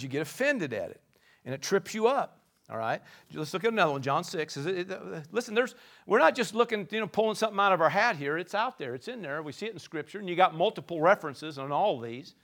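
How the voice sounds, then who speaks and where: A man preaching a sermon in an animated, playful way, swinging from soft asides to shouting. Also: a little high. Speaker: pastor.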